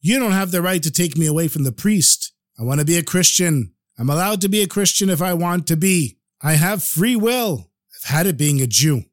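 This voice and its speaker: A man's voice: fairly high pitch, lively intonation, a little fast, dry recording, clean studio sound. A man voicing a stubborn, obsessed husband, speaking insistently and defiantly.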